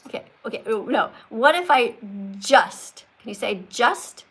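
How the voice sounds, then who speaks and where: A woman's voice: on the high side, animated, normal speed, fairly bright tone, breathy edge. A woman hosting a live-stream call-in, talking emphatically and lecturing her callers, correcting how they pronounce words. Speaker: livestream host talking with callers.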